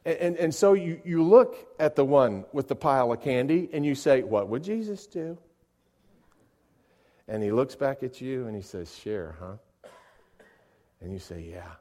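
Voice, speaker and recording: A middle-aged man preaching a sermon, often repeating words as he starts sentences and moving between soft asides and loud emphatic peaks. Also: medium pitch, lively intonation, brisk, few pauses. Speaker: pastor.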